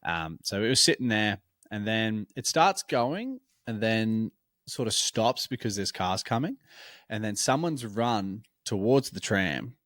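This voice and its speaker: A young man, co-hosting a casual podcast and telling stories in a lively, swearing, laughing way. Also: lowish voice, a little slow, no room sound, studio quality. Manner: animated storytelling, swears freely. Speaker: podcast co-host. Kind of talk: casual chat.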